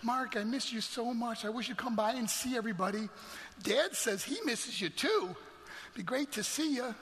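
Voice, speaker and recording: A man voicing his affectionate teenage sister as she pleads softly in a slightly raised voice. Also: very high voice, normal speed, in a large hall, pitched above the performer's own voice. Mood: pleading.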